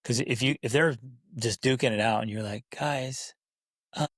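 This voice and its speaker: A man hosting a parenting podcast in casual talk, animated, acting out kids and parents in playful voices. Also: mid-range voice, moderate pace, no echo, clean studio sound. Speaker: podcast host.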